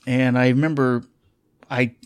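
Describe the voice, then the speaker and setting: A man's voice: medium pitch, little pitch movement, a little slow, clear, resonant tone. A middle-aged man, a former military officer turned pilot, telling a story in a candid, reflective way with fillers and restarts. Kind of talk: casual storytelling.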